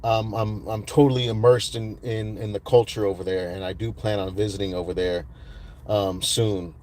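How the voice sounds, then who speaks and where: Man, livestream host, rambling casual chat, lots of ums, deeper voice, outdoors at night. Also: fairly even intonation, moderate pace, darkish tone. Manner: rambling, filler-heavy, greets viewers by name.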